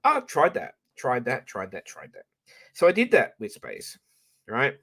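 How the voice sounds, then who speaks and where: A man's voice: mid-range voice, wildly swooping pitch, a little slow, a bit bright. An Australian man ranting casually to his live-stream audience, blunt and profane, rambling with frequent restarts.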